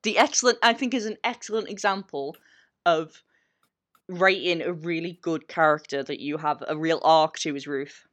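A woman's voice: deep voice, normal speed, fairly bright tone. Joking, self-mocking English podcast woman. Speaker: podcast co-host. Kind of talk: casual chat.

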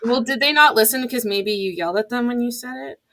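A woman's voice: fairly high pitch, a little fast, pushed and bright. A woman playing a tabletop game, speaking up indignantly and lecturing in character. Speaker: player. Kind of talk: tabletop role-play.

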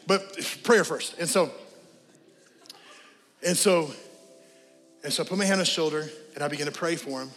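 A high-pitched man preaches a sermon from the pulpit, moving from animated storytelling to a soft, prayerful invitation. His voice carries a long church reverb, with faint music underneath. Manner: animated storytelling, then a quiet prayerful altar call. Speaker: pastor. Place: church sanctuary.

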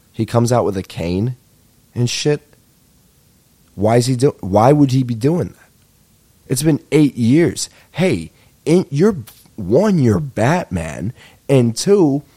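A man's voice: mid-range voice, dark tone, slightly rough. A young man hosting a comedy podcast, telling rambling, profane, self-deprecating stories in a casual monologue, a little tired. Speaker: podcast host.

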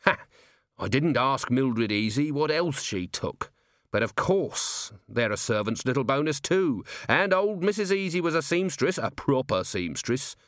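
A worn-out police commander with a wry, sardonic edge, as a man reads him aloud. He speaks at an even, middling pitch in a close, dry recording, like a storybook scene read at the desk. There is a hard, impatient snap under the humour. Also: a little slow, dry recording. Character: gruff weary male police commander.

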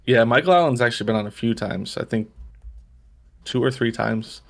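A man's voice: mid-range voice, moderate pace, gravelly. A man appearing as a guest on a casual soccer podcast, friendly and easygoing. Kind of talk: casual chat.

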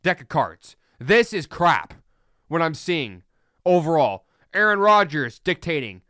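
Podcast host, man, fired-up blunt ranter, smooth higher voice, dry close mic. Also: very animated, slow pace, fairly bright tone, no echo. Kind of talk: opinionated solo podcast rant.

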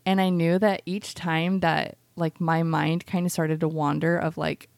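A woman's voice: lowish voice, fairly even intonation, unhurried, creaky, few pauses, darkish tone, smooth, no room sound. A woman co-hosting a casual podcast chat, rambling through a personal story with a constant "like". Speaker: podcast co-host.

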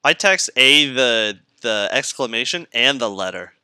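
Excitable young Canadian man, bright voice. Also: mid-range voice, a little slow, smooth, no echo, studio quality. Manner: excitable, swears freely, loud laughs. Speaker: podcast co-host. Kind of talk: casual chat.

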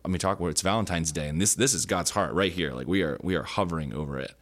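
Man, very low voice, church podcast co-host, earnest, rambling conversational teaching. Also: quick pace. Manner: earnest, searching for words with many fillers. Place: indoor podcast studio.

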